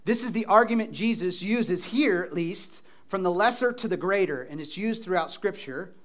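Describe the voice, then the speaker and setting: A man preaching a sermon as pastor, animated and calling on the congregation to respond. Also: sits high, normal speed.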